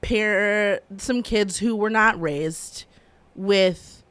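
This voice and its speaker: A woman co-hosting a podcast in casual chat, chatty and quick to laugh. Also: mid-range voice, fairly bright tone, dry recording. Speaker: podcast co-host.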